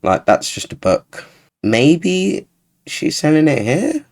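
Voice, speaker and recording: A man's voice: fairly high pitch, huge pitch swings, slow pace, creaky, darkish tone. A man giving casual, sarcastic reaction commentary as a YouTuber, sounding exasperated.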